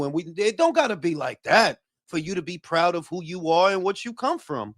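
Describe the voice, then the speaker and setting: A man who hosts a boxing talk livestream, chatting casually and profanely and giving shout-outs to his chat. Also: sits high, animated, normal speed, no echo, studio quality. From Dominican heritage. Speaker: boxing talk show host.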